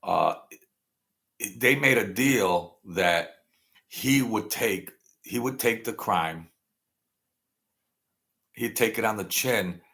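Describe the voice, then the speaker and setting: In his sixties, a channel host rambles through a casual monologue, chatty and self-mocking, chuckling often. His voice is low-pitched and a bit bright.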